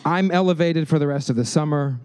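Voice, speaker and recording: Brief: male storyteller, mellow tone, animated, slips into quoted voices. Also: brisk, clean tone. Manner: animated, acts out quotes with shifting pitch. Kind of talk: personal storytelling.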